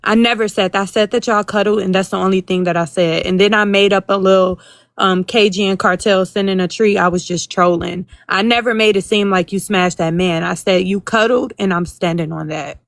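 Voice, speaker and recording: A woman's voice: mid-range voice, fairly even intonation, fairly quick, vocal fry, no room sound. A woman in a live-stream chat, firmly setting the record straight. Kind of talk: casual chat.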